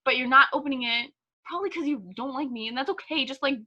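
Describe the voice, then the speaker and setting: A woman's voice: high-pitched, quick pace, muffled recording. A woman in her twenties co-hosting a podcast, chatting and telling stories with lots of "like". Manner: chatty, animated storyteller, heavy use of "like". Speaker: podcast co-host. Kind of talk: casual chat.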